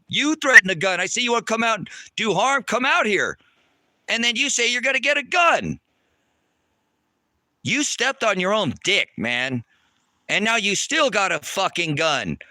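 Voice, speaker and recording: A man on a livestream, ranting angrily at his chat, swearing and preaching, loud one moment and lecturing low the next. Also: no echo. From United States. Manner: angry, profane and preachy, swings between shouting and low lecturing. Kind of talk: heated livestream rant to chat.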